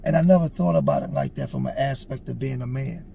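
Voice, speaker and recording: A man in his forties tells a personal story with an earnest, emphatic, preachy edge. His voice is dark and gravelly, and there is faint noise in the background. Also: medium pitch, sing-song, fast. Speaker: storyteller on a street interview show.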